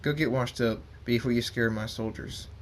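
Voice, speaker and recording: A man's voice: medium pitch, steady tone, normal speed, a little hiss or hum, lightly acted. A man reading as a wary army general. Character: middle-aged human army general, wary father.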